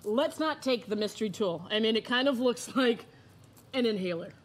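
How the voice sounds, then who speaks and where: A woman's voice: a little high, animated, moderate pace. A woman guest on a live comedy show, chatty and giggly, playing along in a skit.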